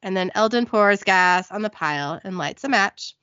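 A woman's voice: mid-range voice, moderate pace, clean tone, no room sound, muffled recording. A woman hosting a casual podcast, giggling as she retells a TV episode. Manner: lively, giggly storytelling. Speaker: podcast host recapping a TV episode. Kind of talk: casual recap chat.

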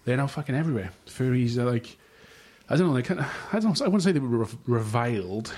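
A man's voice: mid-range voice, expressive, fast talker, a little mellow, husky. A man hosting a casual podcast chat, reading notes aloud in a rambling, sweary way and tripping over long words. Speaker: podcast host.

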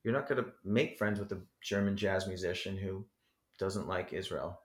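A man from New Jersey, a rapper guest, talking in a rambling, animated way and swearing freely in a casual interview. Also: low voice, moderate pace. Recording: echoey room.

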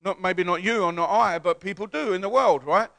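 A man, a pastor, preaching a lively call-and-response sermon in a church, building to shouts and coaxing the congregation to repeat words. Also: high voice, brisk, creaky.

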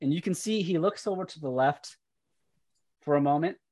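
A man's voice: on the high side, normal speed, darkish tone, no echo. A man running a tabletop role-playing game as game master, narrating the action and explaining the rules. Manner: explains rules aloud while reading.

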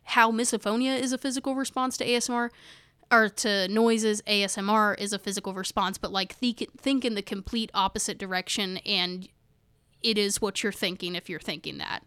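A woman's voice: medium pitch, steady tone, brisk, fairly bright tone, smooth, dry recording. A woman co-hosting a podcast in easy, rambling chat, now and then reading aloud from her notes. She trips over tricky words and laughs them off. Her voice is dry and close, with no room sound. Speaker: podcast co-host.

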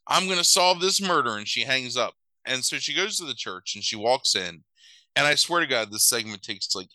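A man casually chatting as a podcast co-host, retelling a story and acting out characters in quick voices. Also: fairly low pitch, pushed and bright, dry recording, rough recording. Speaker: podcast co-host recapping a movie. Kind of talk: casual chat.

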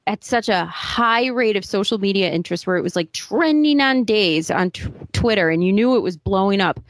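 A woman's voice: medium pitch, lively intonation, moderate pace, dry recording. A woman co-hosting a podcast, sarcastic and indignant, with plenty of swearing. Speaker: podcast co-host. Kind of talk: casual podcast banter.

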